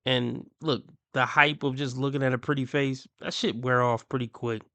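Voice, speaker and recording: A man's voice: medium pitch, fairly even intonation, normal speed, fairly bright tone, no room sound. A man ranting bluntly and crudely as he reacts to clips on his stream. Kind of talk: ranting commentary.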